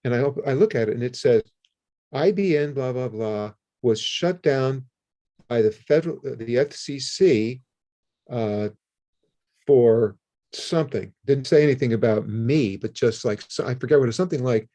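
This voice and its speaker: An older man, a guest in an interview, telling a story in a casual, animated way and acting out the phone calls in it. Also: mid-range voice, normal speed. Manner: animated, acts out his own and others' phone calls.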